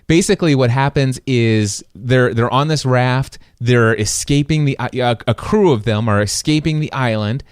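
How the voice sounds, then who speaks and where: Male podcast host, mid-range voice, excitable storyteller, dry studio sound. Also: medium pitch, moderate pace, hardly any pauses, smooth, no room sound. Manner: animated, excitable storytelling with many restarts. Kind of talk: casual storytelling chat.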